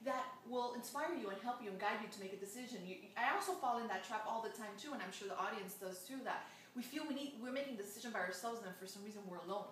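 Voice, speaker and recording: A woman's voice: a little high, fast talker, fairly bright tone. A woman hosting a casual spiritual interview, encouraging her guest and often repeating her words. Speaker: host. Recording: very echoey room, mic at a distance, faint noise.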